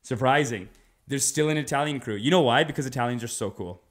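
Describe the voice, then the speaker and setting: A male stand-up comedian delivers a rambling comic monologue, casual and animated, digressing often and swearing freely. His voice is medium-pitched and a little fast.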